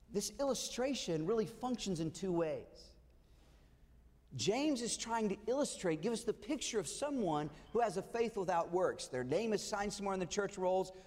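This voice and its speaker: A man's voice: sits high, darkish tone, long reverb tail. A male pastor giving a conversational sermon, asking his listeners rhetorical questions.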